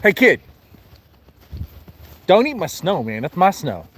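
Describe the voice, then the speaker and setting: A man's voice: high-pitched, very animated, slow pace, low-quality recording. A man, vlogging on a phone as he walks outdoors, rambling and joking with mock-outraged outbursts. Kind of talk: joking vlog while walking in snow. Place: outdoors in snowy wind. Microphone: phone held while walking. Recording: loud wind noise on phone mic. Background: wind.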